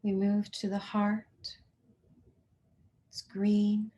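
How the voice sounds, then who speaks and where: Woman, meditation guide, slow unhurried delivery, soothing affirmations, medium pitch. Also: completely flat delivery, warm tone, lo-fi sound. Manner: slow, soothing, affirming, leads repeat-after-me statements.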